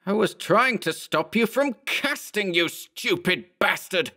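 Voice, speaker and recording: Man doing a panicked balding thirty-year-old, shouting, cursing, frantic, high strained voice, horror audiobook. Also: lively intonation, moderate pace, vocal fry, full character voice. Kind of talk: audiobook character voice.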